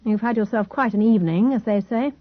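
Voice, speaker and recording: Calm protective man, steady and reassuring, voiced by a woman reader, lo-fi audiobook. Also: a little high, a little fast, no room sound, lightly acted. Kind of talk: audiobook character voice.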